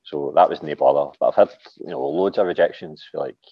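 A man's voice: very deep voice, a little fast, husky, no room sound, lo-fi sound. A man with a Glaswegian accent, an author guest chatting casually on a podcast, swearing freely and dropping "like" and "aye".

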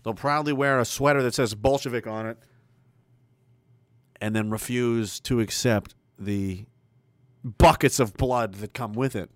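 A man's voice: medium pitch, a little slow, pauses often, dry recording. A man hosting a livestream, reading out chat messages and ranting bluntly with plenty of profanity. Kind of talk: casual live chat commentary.

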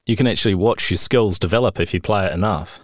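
A man's voice: low-pitched, quick pace, dry recording, studio quality. A man with a New Zealand accent co-hosting a podcast, chatting casually with laughter and swearing. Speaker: podcast co-host. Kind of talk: casual chat.

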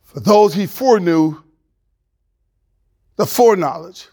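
Gravelly, husky male preacher. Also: high-pitched, slow pace. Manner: animated preaching that drops to a hush. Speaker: pastor. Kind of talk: sermon.

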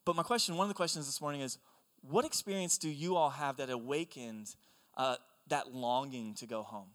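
A young man preaching a sermon, telling stories in an animated, conversational way. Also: medium pitch, brisk. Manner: animated storytelling, excitable and conversational. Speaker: pastor. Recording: long hall reverb.

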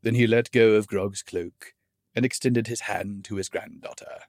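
A man reading fantasy fiction aloud as narrator, in measured, steady storytelling. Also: fairly low pitch, dry recording, clean studio sound. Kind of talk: scripted narration.

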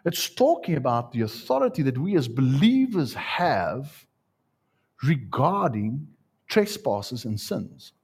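Animated husky-voiced male preacher. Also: mid-range voice. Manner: animated storytelling with live demonstration. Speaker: pastor. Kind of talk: sermon. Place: church before a congregation.

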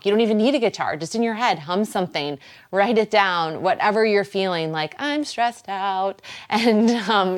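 A woman with a Boston accent hosts a wellness talk show, chatting to the camera in an encouraging way. She laughs easily. Her voice sits a little low. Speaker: host.

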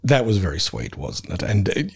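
A man's voice: sits low, very animated, normal speed, vocal fry, breathy edge. A man co-hosting a podcast, bantering in a wry, joking way. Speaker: podcast co-host. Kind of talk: casual podcast chat.

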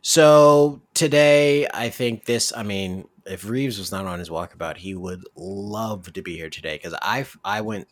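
Deep-voiced deadpan podcast host. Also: male voice, measured pace, hardly any pauses. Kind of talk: comedic podcast banter.

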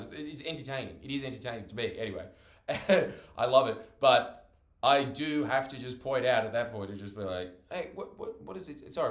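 A man's voice: fairly low pitch, roomy sound. A young man talking in a casual monologue, rambling, swearing freely and cutting himself off mid-thought. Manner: rambling, profane, self-interrupting.

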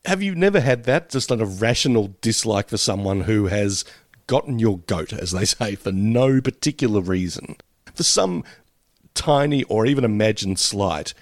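Man, casual podcast chat, lively pitch, gravelly, dry sound. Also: no room sound. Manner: animated, jokey, acts out little voices. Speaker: podcast co-host. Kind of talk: casual chat reviewing a sitcom.

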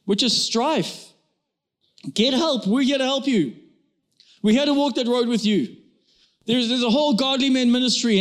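High-voiced male pastor preaching urgently. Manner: urgent, exhorting, speaks straight to the congregation. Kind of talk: sermon. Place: church hall with a congregation.

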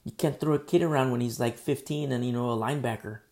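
A man preaching a sermon as pastor, blunt and emphatic, with quick asides to the congregation. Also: medium pitch, a little mellow.

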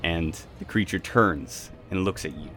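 Slow, low-voiced man as game master. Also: a bit bright, faint music behind. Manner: vivid scene description with sound effects. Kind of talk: narrating a tabletop game.

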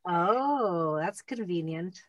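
A woman interviewing a guest, with brief, quiet reactions. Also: lowish voice, lively intonation, takes it slowly, muffled recording. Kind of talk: conversational podcast interview.

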